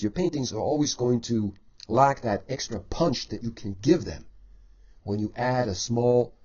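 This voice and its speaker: A man teaching a painting lesson while demonstrating, explaining in a measured way and stretching key words for emphasis. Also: medium pitch, warm tone. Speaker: painting instructor. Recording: dull lo-fi voice-over.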